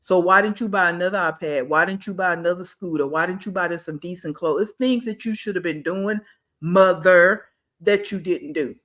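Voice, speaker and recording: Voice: mid-range voice, normal speed, fairly bright tone. A reaction channel host giving blunt, scolding commentary and talking back at a clip.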